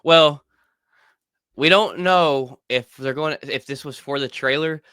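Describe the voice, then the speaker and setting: An excited man co-hosting a casual fan chat, his voice bright and forceful. He rambles and doubles back on his words, and sits close to a dry, deadened mic. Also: a little high, a little slow, clean tone, dry recording. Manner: excited, rambling, repeats himself. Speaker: podcast co-host.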